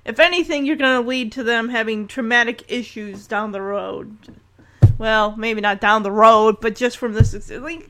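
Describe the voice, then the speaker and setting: A woman giving a casual reaction commentary, chatty and animated, retelling the scene. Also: fairly high pitch, moderate pace. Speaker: video reactor.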